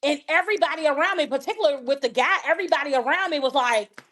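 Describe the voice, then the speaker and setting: A woman's voice: high voice, brisk. A woman guest on a podcast, a life coach telling faith-filled stories and acting out the people in them. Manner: animated, acts out dialogue in her stories. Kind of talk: faith-based conversational storytelling.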